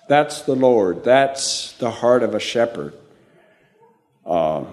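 Slow, halting older male preacher. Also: mid-range voice, a little mellow. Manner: slow, halting delivery with many restarts and fillers. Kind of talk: sermon.

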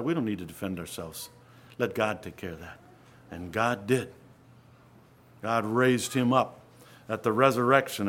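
A man preaching an earnest sermon, often dropping to a hush and then rising to loud emphasis. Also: medium pitch, slight background noise.

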